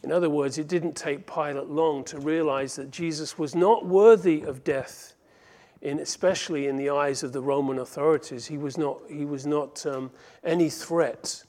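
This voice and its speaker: A man's voice: fairly high pitch, fairly even intonation, darkish tone. Earnest man teaching scripture. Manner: earnest, expository, slows to stress key phrases. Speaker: pastor. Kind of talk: verse-by-verse Bible teaching.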